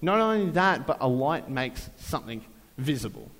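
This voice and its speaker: A man's voice: medium pitch, sing-song, moderate pace, fairly bright tone. A man preaching a casual, conversational sermon, full of fillers and joking asides. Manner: chatty, many fillers, jokey asides. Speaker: pastor. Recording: long reverb of a large hall.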